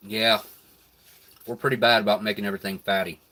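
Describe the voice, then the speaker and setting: A man hosting a relaxed live stream, talking between bites in an easygoing, chuckling way. His voice sits a bit low, and the talk stays casual chat. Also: fast talker. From United States. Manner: laid-back, chuckles often, talks between bites. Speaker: live stream host reviewing rations.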